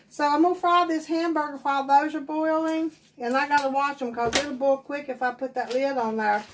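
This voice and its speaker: Homey Appalachian cook, high voice, teasing and talkative, recorded from a few feet away. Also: female voice, fairly even intonation, moderate pace, recorded from a distance, background noise. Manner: chatty, rambling, teasing. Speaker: cooking show host. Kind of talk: casual cooking demonstration. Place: home kitchen.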